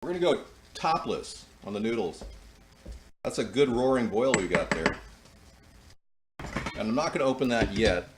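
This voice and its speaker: A man's voice: medium pitch, lively intonation, moderate pace, long pauses. A man in his fifties hosting a home cooking show, chatting and rambling with folksy asides as he cooks in his kitchen on a close-up mic. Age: 50s. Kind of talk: casual cooking demonstration. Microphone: close-up wired mic. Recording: noisy recording.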